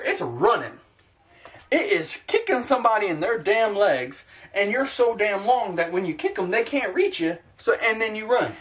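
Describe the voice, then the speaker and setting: A man from the United States rants about sports to his camera. His talk is heated and profane, with rapid-fire outbursts and sarcastic asides. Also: sits high, a bit bright. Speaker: sports vlogger. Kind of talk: ranting sports opinion vlog.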